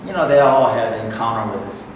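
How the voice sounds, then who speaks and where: A man's voice: mid-range voice, quick pace. A middle-aged man with a Korean accent, preaching a sermon as pastor, repeating key points and checking in with "okay?". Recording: echoey hall from far off, noisy room.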